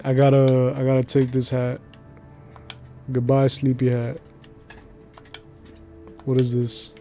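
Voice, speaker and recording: A man's voice: mid-range voice, completely flat delivery, slow pace, mellow, soft background music. A male streamer chatting casually while he plays, rambling in slangy speech and laughing easily. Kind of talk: casual chat while gaming.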